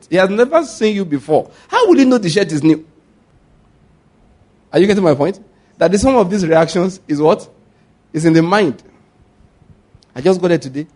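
Man, pastor, sermon, animated storytelling, call-and-response, slightly high voice.

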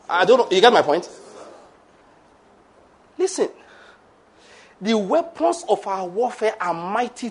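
A middle-aged pastor delivers an emphatic sermon in a church, pressing his listeners with repeated questions. His voice sits high for a man and has a husky, breathy edge. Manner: emphatic preaching with rhetorical questions.

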